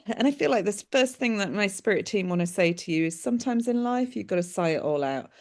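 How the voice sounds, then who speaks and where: A woman working as a medium, giving a lively reading over a video call, laughing often and calling people "my darling". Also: mid-range voice, fairly quick. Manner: animated, laughs often, relays spirit messages with warm endearments.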